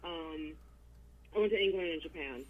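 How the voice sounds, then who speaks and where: A woman's voice: sits low, normal speed, phone-quality sound. A woman guest in a casual interview chat, speaking bluntly and with profanity over a video call. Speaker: wrestling guest.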